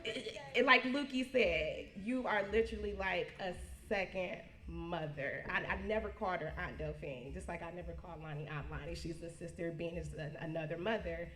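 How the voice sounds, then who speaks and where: Halting woman giving a tearful toast. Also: on the low side, a bit bright. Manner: halting, restarts often, emotional. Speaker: niece giving a birthday tribute. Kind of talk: heartfelt casual speech. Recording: echoey room.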